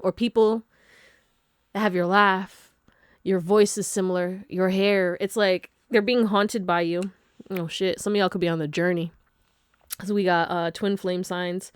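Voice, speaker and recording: A woman's voice: lowish voice, normal speed, clean tone, no echo, clean studio sound. A woman giving a casual pick-a-card tarot reading. She is chatty, laughs often and throws slangy asides to her viewers. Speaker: tarot reader.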